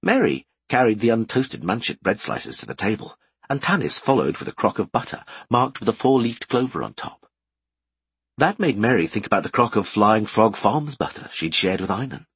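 A male narrator reads a fantasy story with a husky, breathy voice that swings widely in pitch. His tone is slightly low, and the recording is dry and close. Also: big pitch swings, normal speed, dry recording. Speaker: audiobook narrator.

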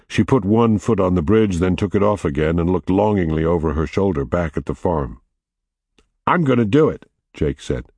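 Deep-voiced man reading a story. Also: husky, no room sound, studio quality. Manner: measured, steady, quietly dramatic. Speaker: narrator. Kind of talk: audiobook narration.

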